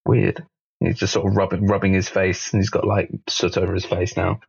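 Gravelly-voiced man playing a tabletop game. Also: deep voice, flat delivery, a little fast, lo-fi sound. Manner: casual, narrating his character. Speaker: player.

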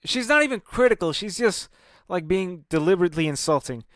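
A man's voice: high voice, expressive, fairly quick, fairly bright tone, dry recording, clean studio sound. A man ranting casually to camera at home, heated and profane, rambling with many restarts about his stand-up comedy.

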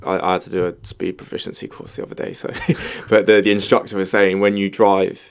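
A man hosting an interview, supportive, mostly giving short replies and gentle questions. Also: low-pitched, little pitch movement, a little fast, clear, resonant tone. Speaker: podcast host.

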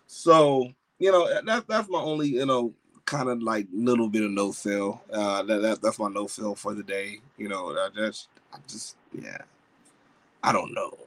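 A man's voice: lowish voice, measured pace, low-quality recording. A married man hosting a wrestling podcast, chatting casually in slang with lots of fillers and restarts. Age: adult, married. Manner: excitable, rambling with slang and many fillers. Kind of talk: casual wrestling review chat.

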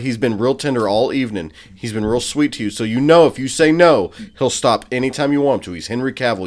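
Podcast co-host, male, mid-pitched, animated and pushy in casual banter. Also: quick pace, few pauses.

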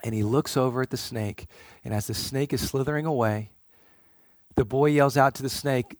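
A man's voice: mid-range voice, moderate pace, a little mellow, no room sound, studio quality. A man preaching a sermon in an earnest way, often repeating words as he starts a phrase.

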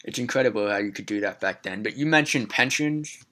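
A man co-hosting a podcast in relaxed casual chat, asking questions and quoting film scenes. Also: fairly low pitch, a little fast, slight background noise. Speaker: podcast co-host.

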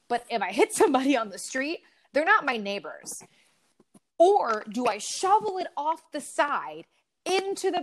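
A woman co-hosting a casual podcast, telling stories in an animated, swearing rant. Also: high voice. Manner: animated storytelling with frequent swearing. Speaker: podcast co-host. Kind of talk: casual ranting chat.

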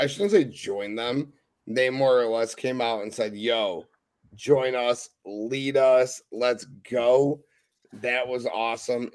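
A man's voice: mid-range voice, darkish tone. A man who is a guest on a casual podcast, talking with slangy enthusiasm.

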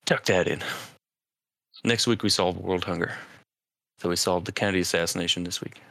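Very deep-voiced joking podcast co-host, a man. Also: fairly even intonation, fairly quick, creaky, sharp tone, no echo. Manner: loose, joking, swears and laughs often. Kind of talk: casual chat.

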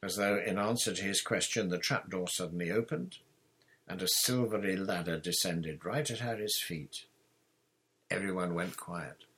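A man narrating an audiobook in a measured, expressive reading. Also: low-pitched, husky.

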